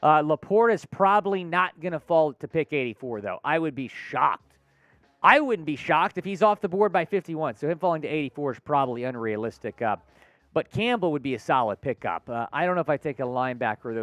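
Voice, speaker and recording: Animated man hosting a live sports stream. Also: fairly high pitch, no room sound. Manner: lively, animated, answers viewer comments by name. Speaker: sports show host. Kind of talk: live stream sports talk reading chat.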